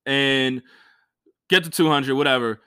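A man, a stand-up comedian, telling a profane story in a casual, animated way and acting out what other people said. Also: medium pitch, measured pace, clean tone, dry recording, clean studio sound.

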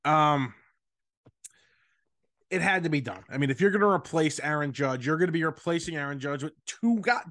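A man co-hosts a sports podcast in a slightly high voice, speaking in a measured, agreeable way. The sound is dry and close to the mic. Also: fairly bright tone, no room sound. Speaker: podcast co-host. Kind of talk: casual sports talk.

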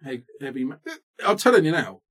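A man in his thirties, co-hosting a comedy podcast with an animated, self-mocking ranting delivery. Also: mid-range voice, brisk. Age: 30s. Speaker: podcast co-host. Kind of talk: comic rant in casual chat.

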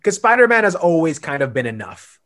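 Male co-host, animated, laughs a lot, slightly high, very expressive voice. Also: brisk. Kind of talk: casual chat.

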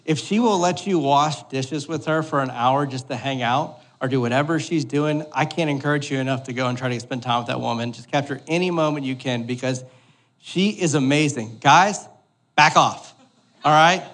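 A man's voice: mid-range voice, normal speed, a bit bright. A pastor in his thirties giving a sermon in a church hall, joking and conversational, often checking in with the congregation. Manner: joking, conversational, keeps asking "all right?".

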